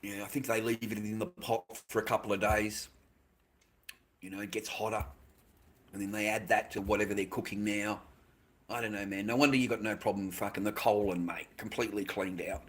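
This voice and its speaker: A man's voice: lowish voice, steady tone, fairly quick. An Australian man livestreaming, rambling in casual chat, swearing constantly and ending his lines with "mate".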